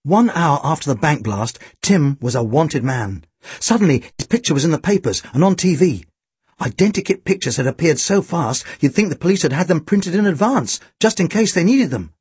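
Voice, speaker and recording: Husky man narrating a lively audiobook. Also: on the high side, normal speed, no echo. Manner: lively, wry delivery with deadpan asides. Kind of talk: first-person storytelling narration.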